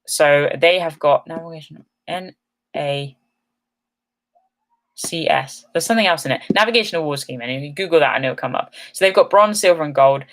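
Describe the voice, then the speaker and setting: A woman's voice: sits low, normal speed. Chatty woman on a live stream. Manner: chatty, upbeat, rambling with many ums. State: yawning, a little tired. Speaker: outdoor channel host. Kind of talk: live-stream chat answering comments.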